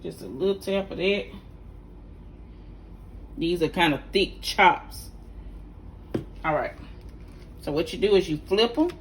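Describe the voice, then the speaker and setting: A woman's voice: lowish voice, takes it slowly, pauses often, slight background noise. A middle-aged woman, chatting casually to viewers while demonstrating a home cooking recipe in her kitchen. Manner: folksy, chatty, instructive, addresses viewers directly. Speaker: home cook, vlog host.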